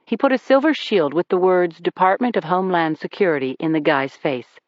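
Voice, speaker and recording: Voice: mid-range voice, fairly quick, hardly any pauses, no echo. An audiobook narrator reading a first-person crime thriller with wry, dry delivery. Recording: dull dry recording.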